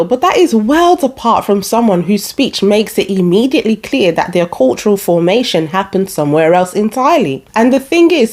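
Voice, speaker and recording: A woman's voice: medium pitch, a little mellow. A woman giving firm, blunt opinion commentary to camera as a video essayist.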